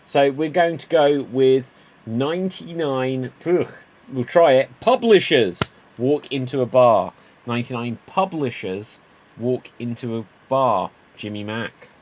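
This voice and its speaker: A man hosting an improv show, telling quick pun jokes and calling on players by name. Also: mid-range voice, expressive, a little mellow, a little hiss or hum. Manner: quick punny joke-telling, calls on players. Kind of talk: improv joke game.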